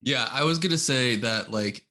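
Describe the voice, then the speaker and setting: A man co-hosting a casual gaming podcast who talks in halting starts and laughs easily. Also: mid-range voice, sharp tone. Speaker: podcast co-host.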